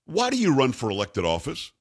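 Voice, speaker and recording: A male talk radio host with a lively, swinging pitch. He argues by firing rhetorical questions at his co-host. He leans hard on his points. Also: fairly quick, breathy edge.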